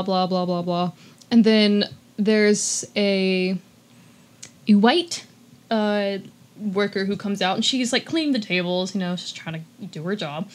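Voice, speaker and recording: A woman telling a story in a casual podcast chat, full of likes and restarts and acting out what people said. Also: mid-range voice. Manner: animated, many likes and restarts, acts out quotes.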